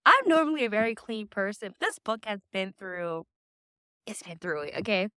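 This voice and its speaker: A woman's voice: medium pitch, sing-song, normal speed, bright, forceful tone, clear, resonant tone, no echo, studio quality. A young woman talking casually to a camera on a stand, chatty, laughing often and restarting her sentences. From United States. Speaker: vlogger.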